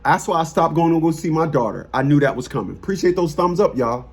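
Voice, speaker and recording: A man speaks straight to his viewers in blunt, mocking commentary. His husky voice swings high and low with a lot of expression. He hammers his points home by repeating lines. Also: animated, fast talker. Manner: blunt, mocking, repetitive, street talk. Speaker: family court consultant and host.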